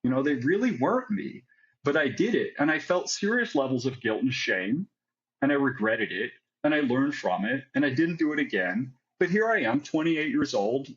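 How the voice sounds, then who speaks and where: A man's voice: mid-range voice, expressive, normal speed, dull audio. A man telling his own story as an interview guest, candid and reflective, often adding "like" and "right?". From United States. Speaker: guest, psychiatric pharmacist.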